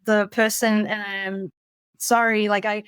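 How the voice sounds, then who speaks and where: A woman in her forties, a podcast guest speaking candidly in casual conversation, halting often with fillers and restarts. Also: medium pitch, flat delivery, fairly bright tone, smooth, no room sound. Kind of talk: casual conversation, personal storytelling.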